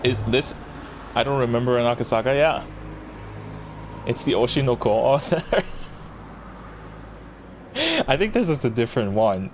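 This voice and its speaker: A man's voice: mid-range voice, lively intonation, a little slow, long pauses. A man casually commentating as he plays a game, rambling and interrupting himself with short chuckles. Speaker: gameplay commentator. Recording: audible background noise.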